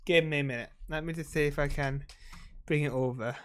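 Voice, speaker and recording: A man's voice: on the high side, fairly even intonation, brisk, clean tone. A man talking to camera in a casual, rambling vlog, emotional and swearing freely while he drinks. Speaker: vlogger.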